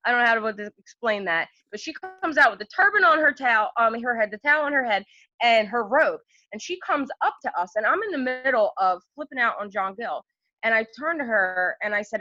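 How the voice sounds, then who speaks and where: Bright-voiced young woman telling stories. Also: on the high side, normal speed, no room sound. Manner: candid, animated storyteller with many fillers. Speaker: podcast guest. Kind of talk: casual storytelling chat. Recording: dull lo-fi podcast audio.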